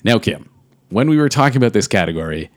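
Deep-voiced man podcast co-host, dry sound. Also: sing-song, fast talker, no room sound. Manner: dry, playful, announces categories. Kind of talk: casual chat.

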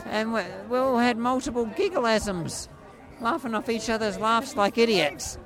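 A man in his forties with an Australian accent and a high voice often mistaken for a woman's, rambling through stories in an animated, playful way. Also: measured pace. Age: 40s. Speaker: street performer jester. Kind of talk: casual storytelling interview. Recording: faint crowd outdoors.

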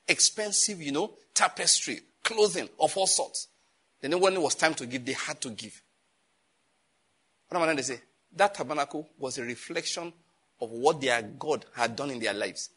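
A man preaching a sermon as pastor, animated and scolding, with jokes and sudden jumps in pitch. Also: breathy edge.

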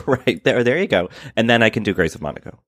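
A man's voice: mid-range voice, big pitch swings, fairly quick, no room sound, studio quality. A man appearing as a film critic guest on a podcast, hesitant and laughing often. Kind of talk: casual podcast chat.

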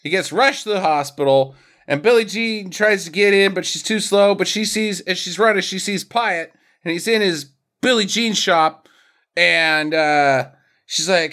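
Animated man recapping a movie. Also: high-pitched, a little slow. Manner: animated retelling with quoted voices and swearing. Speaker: podcast co-host. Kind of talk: casual movie recap chat.

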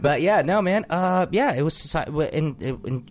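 Animated, profane podcast guy from Jordan. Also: a little high, moderate pace. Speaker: podcast co-host. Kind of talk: casual chat.

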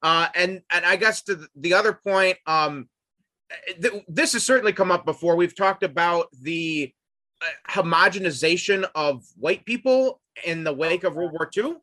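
A man's voice: sits high, normal speed, sharp tone, no room sound. A man on a discussion panel, laying out ideas thoughtfully with hesitant restarts. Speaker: podcast panelist. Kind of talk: casual discussion.

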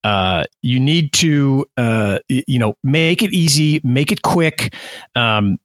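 Lively, expressive male podcast host. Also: mid-range voice, slow pace, no echo. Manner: lively, restarts often, explains with examples. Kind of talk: casual business podcast chat.

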